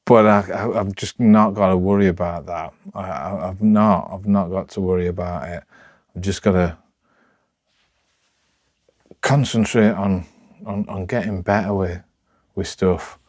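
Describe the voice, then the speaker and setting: A man with a Sheffield accent talking unscripted to camera, rambling and halting with lots of restarts, in a rough, broad way of speaking. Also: low-pitched, steady tone, darkish tone, no echo, studio quality. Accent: Sheffield, Yorkshire. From Sheffield, England. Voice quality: rough, broad local speech. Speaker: vlogger.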